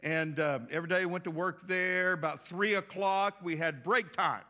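Bright-voiced pastor in his sixties. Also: high-pitched, normal speed, dull audio. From West Texas. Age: 60s. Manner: folksy, animated, acts out voices in anecdotes. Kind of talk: storytelling sermon.

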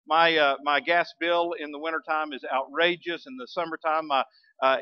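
A man, a pastor telling a story in a sermon, folksy and animated. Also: high-pitched, no echo, highs cut off. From Arkansas, US. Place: church sanctuary.

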